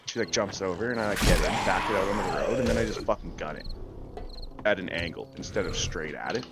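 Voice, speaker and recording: A man's voice: sits low, quick pace, very noisy. A man in his thirties telling a rambling story in casual chat while gaming, swearing often and filling with "like". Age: 30s. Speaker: gaming video host.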